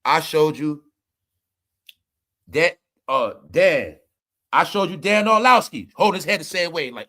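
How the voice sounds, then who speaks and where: Forceful, profane male commentary host. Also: a little high, expressive, unhurried, long pauses. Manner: profane, emphatic, talks straight to viewers. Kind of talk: ranting entertainment commentary.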